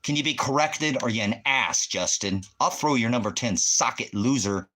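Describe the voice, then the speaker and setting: Agitated, forceful middle-aged man preaching. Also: medium pitch, lively intonation, normal speed. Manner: confrontational, preachy, addresses viewers by name. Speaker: livestreaming ministry host. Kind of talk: angry livestream rant at chat viewers.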